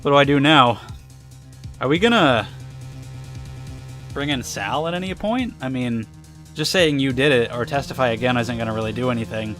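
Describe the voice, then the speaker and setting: A young man giving casual, excitable commentary while playing a game, swearing often. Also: medium pitch, normal speed, long pauses, faint music behind. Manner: excitable, swears a lot, angry outbursts. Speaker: let's play gamer.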